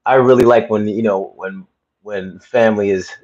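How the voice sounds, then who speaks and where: A man's voice: fairly low pitch, fairly even intonation, moderate pace, a little mellow. Rambling man livestreaming from his phone. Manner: rambling, repeats phrases, chatty asides to viewers. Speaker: livestream host. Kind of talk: casual livestream chat. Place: home room. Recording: slightly dull phone audio.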